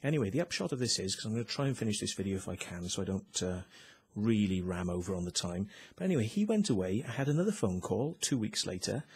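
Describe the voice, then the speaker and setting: Man, husky voice, very animated pitch, emphatic, casual vlog storytelling. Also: fast. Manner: emphatic, tag questions, swears. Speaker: vlogger.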